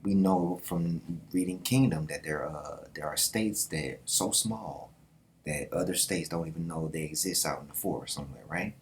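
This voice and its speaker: Deep-voiced man in slangy casual commentary. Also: moderate pace, a little hiss or hum. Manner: animated, slangy, laughs and asides. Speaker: YouTube host.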